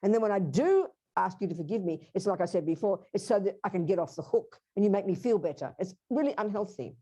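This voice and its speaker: A woman's voice: mid-range voice, animated, fast talker, mellow. A woman teaching a Buddhist workshop, speaking emphatically and directly to her audience.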